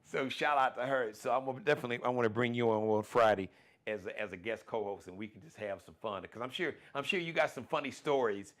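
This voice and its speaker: A man hosting his own live-streamed talk show, speaking in in a folksy, animated way, full of shout-outs and plugs. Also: mid-range voice, fast talker.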